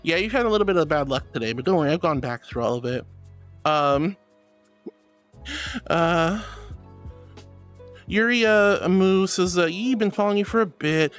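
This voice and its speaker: Man, livestream streamer, high voice, playful, giggly, affectionate, reads chat aloud. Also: lively intonation, moderate pace, long pauses, soft background music.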